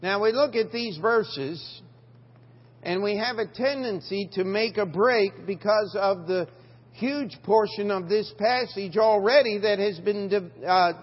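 Speaking a little slowly in a voice that sits high, a male pastor preaches in the church sanctuary. He poses questions to the congregation and reads scripture in King James phrasing, in a dull recording with long reverb.

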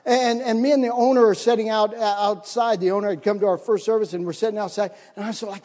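A middle-aged man preaching a sermon in a church, telling stories and acting out his own panic in a higher voice. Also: steady tone, fast, few pauses, dark tone, in a large hall. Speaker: missionary pastor. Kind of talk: sermon with storytelling.

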